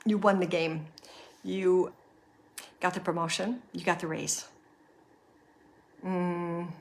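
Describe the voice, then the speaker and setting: A woman's voice: fairly low pitch, steady tone, slow. A middle-aged woman hosting a podcast, earnestly guiding listeners through reflection and telling a personal story. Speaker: podcast host.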